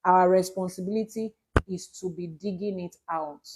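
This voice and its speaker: A Nigerian woman who is an Ifa priestess teaches on a live stream and answers viewers' questions, speaking emphatically with examples and repeated key points. Her voice is on the low side, steady in tone and at normal speed, against a noisy background.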